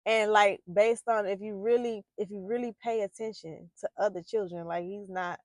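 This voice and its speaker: A woman's voice: mid-range voice, fairly even intonation, normal speed, no echo. A woman giving a heartfelt reflective monologue about parenting. She speaks loosely, with many fillers and restarts, and turns emphatic when she drives a point home. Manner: grows emphatic and loud when making her points. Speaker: poet and parenting vlogger.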